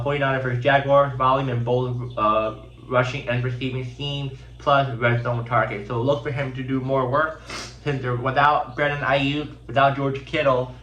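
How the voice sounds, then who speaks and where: A man's voice: medium pitch, fairly even intonation, moderate pace, fairly bright tone, reverberant, highs cut off. A man with a congested, sick voice running through casual fantasy football picks with many fillers and restarts. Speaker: host.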